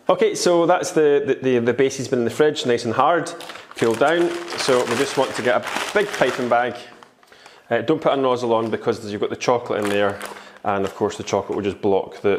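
A man's voice: mid-range voice, background noise. A Scottish man with a chatty, jokey manner, giving a casual cooking tutorial in a kitchen. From Scotland. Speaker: baking instructor.

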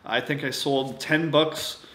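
A man's voice: medium pitch, fairly even intonation, pushed and bright. Chatty man in an echoey room. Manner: chatty, halting, many fillers. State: losing his voice. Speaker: autograph collecting vlogger. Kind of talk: casual vlog chat. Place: indoors at home at night.

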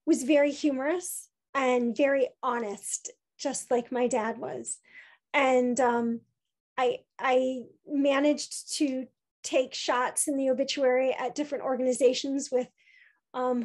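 A woman's voice: high-pitched, darkish tone. A woman giving a talk as an obituary writer, telling a personal story in a chatty way with many fillers and restarts.

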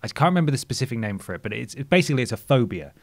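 A man's voice: medium pitch, big pitch swings, rapid-fire. A man co-hosting a gaming podcast in casual chat, talking enthusiastically and rambling a little. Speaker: podcast co-host.

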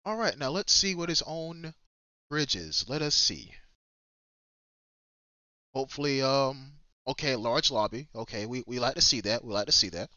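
A man's voice: medium pitch, lively intonation, moderate pace, pauses often, pushed and bright, no room sound, dull audio. A man livestreaming a shooter game, giving casual, slangy and profane commentary straight to his viewers and opponents and repeating his own phrases. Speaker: livestreaming gamer.

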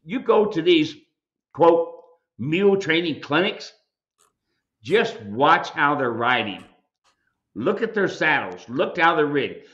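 A man's voice: fairly high pitch, sing-song, slow pace, long pauses, a bit bright. Emphatic folksy man, muffled sound. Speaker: mule ranch owner and show host. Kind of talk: live video Q&A commentary.

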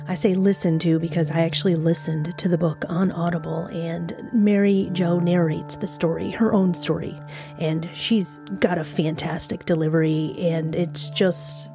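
A woman's voice: on the low side, gravelly. A woman hosting a true crime podcast, reading a scripted narration with frank, blunt, conversational asides. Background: music.

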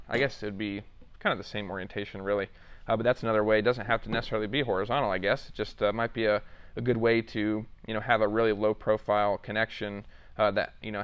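A young man hosting a casual product walkthrough, relaxed and rambling with lots of fillers. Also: on the low side, clear, resonant tone, no echo. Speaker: product demo host.

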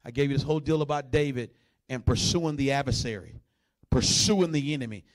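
A male pastor preaching a sermon, swinging between conversational asides and loud, high bursts, sometimes growling to act out a dog. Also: brisk.

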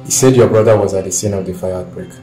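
A man's voice: on the low side, fairly even intonation, fast talker, dark tone, natural voice. An actor playing a man who delivers grave news in stiff, formal wording. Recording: echoey room with film music.

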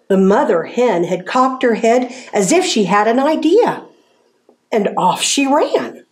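A woman from a zoo staff reading a children's storybook aloud in a gentle, sing-song way, with hushed asides. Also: fairly high pitch, very animated, measured pace.

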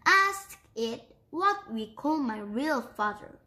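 Woman doing an elderly grandmother, stubborn, disbelieving, storybook voice, bright tone. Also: high-pitched, takes it slowly, full character voice. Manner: flat refusal, in a strange voice. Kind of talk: storybook read-aloud.

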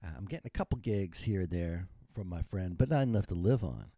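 A man's voice: low-pitched, lively intonation, fairly quick, mellow, no room sound, studio quality. Wry, rambling man in his fifties. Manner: rambling, wry, self-mocking. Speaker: retired musician telling his story. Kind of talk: humorous storytelling monologue.

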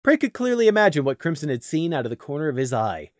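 A man narrating a story in an expressive, animated read, recorded close to the mic. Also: on the high side, fast talker, no echo. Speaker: audiobook narrator.

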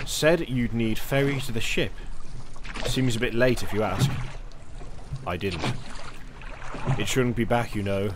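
A man's voice: mid-range voice, measured pace, long pauses, background noise, natural voice. A man reading a terse boatman. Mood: laconic.

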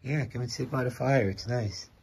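A man's voice: medium pitch, normal speed, gravelly, a little mellow, a little hiss or hum. A man filming at his mountain home, chatting and teasing his cat in a casual way. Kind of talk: casual talk to a pet. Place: rural mountain home by a fire. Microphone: handheld camera.

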